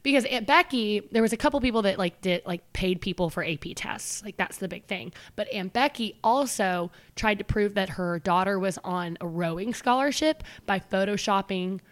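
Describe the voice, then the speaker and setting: A woman co-hosting a podcast in casual chat, animated and laughing, acting out little scenes in voices. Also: mid-range voice, normal speed, hardly any pauses. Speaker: podcast co-host.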